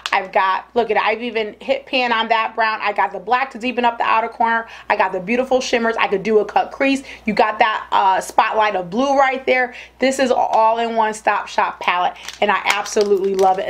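A woman beauty vlogger in a casual product review, gushing and excitable, rambling and correcting herself as she talks. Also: fairly high pitch.

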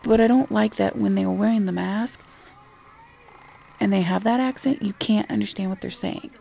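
A woman's voice: mid-range voice, fairly even intonation, moderate pace, gravelly, warm tone. A woman vlogger in a casual, exasperated rant, talking bluntly and swearing freely. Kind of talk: casual ranting monologue.

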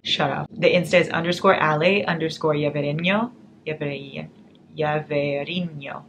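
Gushing young woman, low voice. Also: a little fast, background noise. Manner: gushing, excitable, reads notes aloud. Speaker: book vlogger. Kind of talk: casual chat unboxing book mail.

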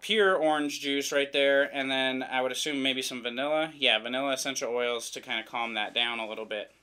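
A man's voice: mid-range voice, steady tone, a little fast, pushed and bright, slight background noise. A man from the American Midwest giving a casual, rambling unboxing commentary, joking and poking fun at himself as he goes. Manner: rambling, joking, self-deprecating. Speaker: vlogger reviewing products.

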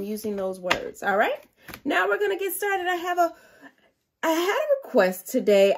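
Husky, sing-song woman teaching young children. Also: mid-range voice. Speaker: preschool teacher. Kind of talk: children's circle time and read-aloud.

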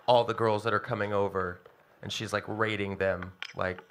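A man's voice: lowish voice, fairly even intonation, moderate pace, fairly bright tone, slight background noise. A man on a comedy club panel riffing playfully on joke ideas. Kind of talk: live comedy podcast chat.

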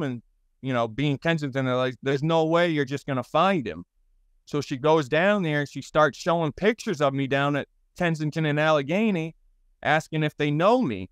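A man in his thirties with a Boston accent, a guest telling his stories in a blunt, rambling and profane way, with halting restarts. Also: fairly high pitch, smooth, dry recording. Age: 30s. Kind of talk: interview storytelling.

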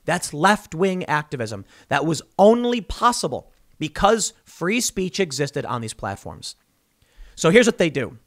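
A man's voice: fairly high pitch, sing-song, a little slow, a bit bright. Guy ranting solo about the news, sarcastic, lots of rhetorical questions, voice jumps all over. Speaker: political commentator. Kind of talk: solo commentary.

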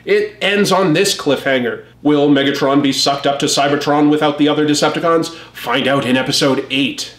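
A man's voice: a little high, normal speed, hardly any pauses, fairly bright tone, echoey room. A man hosting a comic review channel, giving wry, amused casual commentary.

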